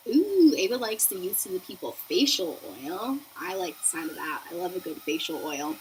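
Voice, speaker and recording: A woman's voice: on the low side, animated, normal speed, poor audio. A young woman hosting a beauty livestream, chatting casually and reading viewer messages while she does her makeup in her apartment. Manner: bubbly, chatty, reads viewer messages aloud. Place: apartment room with a noisy radiator. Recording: faint room noise from radiator. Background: faint radiator hiss.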